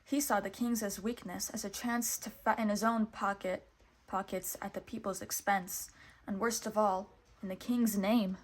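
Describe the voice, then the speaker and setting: A woman reading a picture book aloud, expressive and lively, putting on voices for the characters. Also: mid-range voice, normal speed. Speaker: storybook reader.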